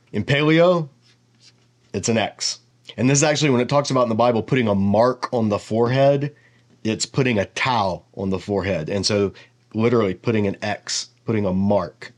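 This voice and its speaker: A man giving a relaxed lesson, explaining each letter while thinking aloud. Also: fairly low pitch. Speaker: teacher. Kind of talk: casual whiteboard lesson.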